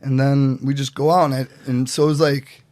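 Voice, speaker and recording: A man telling stories as a podcast guest in a casual, animated way, acting out what other people said. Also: medium pitch, a little fast, dry recording, clean studio sound. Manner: animated, acts out quotes in voices. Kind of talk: casual storytelling.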